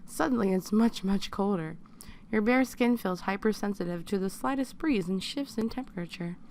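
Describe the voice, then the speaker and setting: Woman, casual story reader, gravelly fry, crude joking asides. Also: mid-range voice, normal speed, a little mellow, slight background noise. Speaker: reader of fan fiction. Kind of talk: casual narration of a second-person story.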